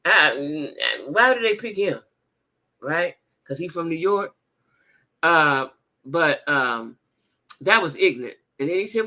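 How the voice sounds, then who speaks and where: A woman chats with her livestream viewers in a blunt, profane and animated way. Her pitch swings widely, with a gravelly edge and a bright, forceful tone. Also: a little slow, long pauses. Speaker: livestream host reading viewer comments. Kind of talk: casual livestream chat.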